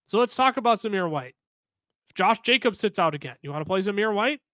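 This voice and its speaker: A man co-hosting a podcast, giving brisk, opinionated and jokey fantasy football picks in casual chat. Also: high voice, expressive, pushed and bright, no room sound. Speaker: podcast co-host.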